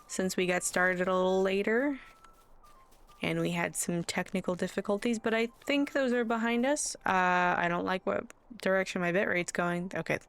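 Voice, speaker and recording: A tired woman streaming a game, chatting in a relaxed, rambling way with self-deprecating asides. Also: mid-range voice, normal speed, gravelly, slight background noise. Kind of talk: casual game streaming commentary.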